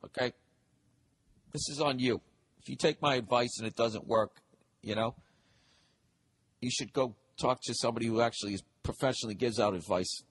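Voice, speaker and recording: A man's voice: mid-range voice, normal speed, pauses often, husky. A man in his forties hosting a solo comedic podcast, rambling and profane, often poking fun at himself. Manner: rambling, profane, self-deprecating. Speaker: podcast host.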